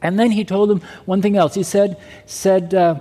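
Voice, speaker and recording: A male pastor delivers a sermon, his voice high yet mellow and dark in tone. He keeps asking the congregation whether they heard him. The sound rings out with a long reverb, as in a large church hall. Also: flat delivery, moderate pace. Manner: preaching with rhetorical questions to the congregation. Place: church sanctuary.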